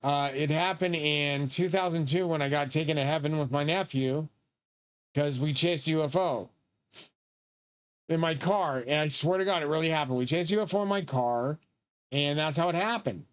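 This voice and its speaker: A man's voice: on the high side, moderate pace, clear, resonant tone, lo-fi sound. Rambling, profane man streaming a game. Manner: rambling, profane, excitable outbursts. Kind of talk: casual rambling commentary while gaming.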